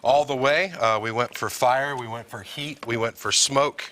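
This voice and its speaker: Bright-voiced upbeat male chef. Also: mid-range voice, fairly even intonation, moderate pace. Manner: upbeat, enthusiastic. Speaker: chef presenting stadium food. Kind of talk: live TV cooking demo.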